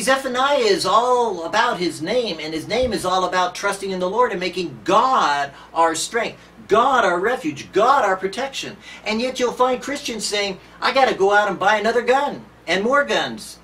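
A man preaching an outdoor Bible study sermon, emphatic, asking the listeners rhetorical questions and swinging between quiet and loud. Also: sits high, far from the mic, slight background noise.

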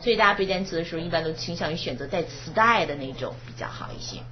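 A woman teaching a university English class, explaining in Mandarin and slowly reading English lines aloud. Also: on the low side, lively intonation, a crowd in the background. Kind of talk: classroom lecture. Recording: dull old classroom recording with faint hiss.

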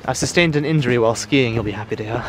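A man's voice: mid-range voice, rapid-fire, slight background noise. A young man out of breath on a steep outdoor trail, chatting and joking to an absent friend through a handheld camera. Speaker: vlogger. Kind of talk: casual hiking vlog talk to camera.

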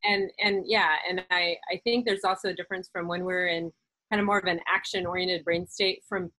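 Woman host, lower voice, chatty, filler-heavy explainer, dry close sound. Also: steady tone, brisk, bright, forceful tone, no room sound, poor audio. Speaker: podcast host, doctor. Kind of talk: casual conversational interview.

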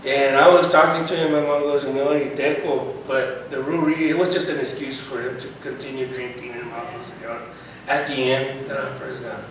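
A man's voice: medium pitch, noisy background. Man preaching in a very echoey room. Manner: mixes Spanish phrases, repeats "hermano" and "praise God"; voice swells when reading scripture aloud. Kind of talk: sermon with scripture reading. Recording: very echoey room, voice far from mic.

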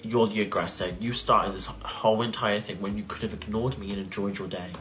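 A man's voice: fairly low pitch, steady tone, a little fast, fairly bright tone, soft background music. A man, ranting heatedly and indignantly on a livestream and swearing often. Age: 20s. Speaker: social media creator on a livestream. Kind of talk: emotional livestream rant.

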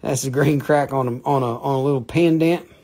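A man's voice: mid-range voice, steady tone, fairly quick, dark tone, breathy edge. A man with an Appalachian accent hosting a live crystal and mineral sales stream, with rambling, playful salesman banter. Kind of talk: joking live sales pitch.

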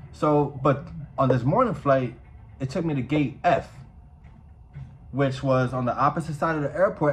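A man vlogging casually, telling a story in a profane, animated way. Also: fairly high pitch, normal speed, a little hiss or hum, rough recording.

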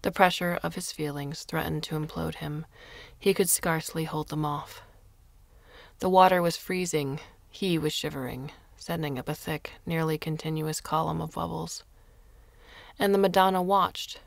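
Woman, story narrator, measured reading, low voice, dry close sound. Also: steady tone, gravelly, dry recording. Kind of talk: scripted narration.

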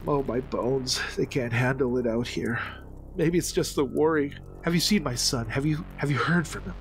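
A man's voice: medium pitch, normal speed, slight background noise, close to an everyday voice, rough recording. A man voicing a frail, grieving older lord who stammers and repeats himself. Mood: shaky. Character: frail grieving old male lord, trembling.

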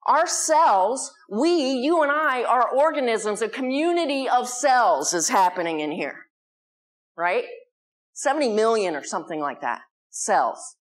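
A woman's voice: on the high side, animated, unhurried. An American woman leading a spiritual community, giving an earnest, conversational Sunday talk and putting questions to the people in the hall. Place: community hall before a live audience.

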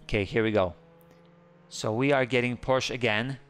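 A man giving excited, playful game commentary who squeals up high whenever he panics. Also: normal speed, smooth. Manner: squeals high when panicked, playful kid-friendly banter. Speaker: gaming YouTuber.

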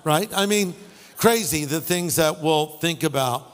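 A man's voice: a little high, a little slow, long reverb tail. A middle-aged male pastor preaching a sermon, telling funny stories and making wry asides. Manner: storytelling with jokes and asides. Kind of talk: humorous sermon.

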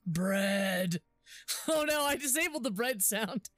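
A woman's voice: fairly high pitch, lively intonation, normal speed, fairly bright tone, no echo. A young woman streaming a game, chatting casually and giggling often while she thinks aloud with lots of fillers. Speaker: livestreamer. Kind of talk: casual live gameplay commentary.

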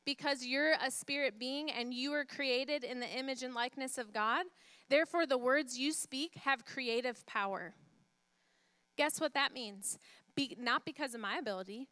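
Woman pastor preaching, bright clear voice, keeps asking the room questions, repeats herself for emphasis. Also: high voice, no room sound. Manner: emphatic, repeats phrases, asks the congregation questions; drops to a soft hush when retelling a story. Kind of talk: sermon.

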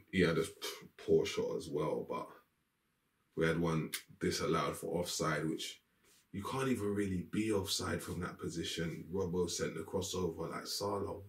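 A man's voice: sits low, reverberant, far from the mic. A man giving a blunt, exasperated post-match rant about his team, swearing as he goes. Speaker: football fan reacting to a match. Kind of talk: ranting post-match reaction. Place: room with green screen.

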